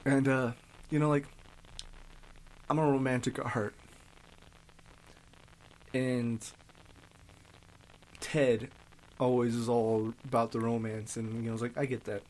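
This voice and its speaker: A man's voice: medium pitch, slow pace, pauses often, poor audio. A man co-hosting a podcast, chatting casually about shows he rewatches, laughing and swearing often. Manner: animated, laughing, quoting movie lines, swears. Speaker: podcast co-host. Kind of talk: casual chat.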